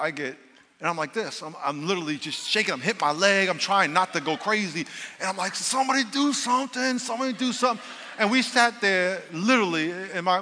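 A male pastor preaching a storytelling sermon to a live audience, animated and acting out dialogue in a raised voice. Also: fairly high pitch. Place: large church hall with a live audience. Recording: live hall reverb, faint room noise.

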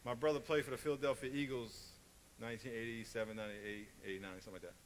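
A man's voice: medium pitch, fairly even intonation, quick pace, background noise. A man preaching a sermon, telling stories and hammering points through emphatic repetition. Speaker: pastor.

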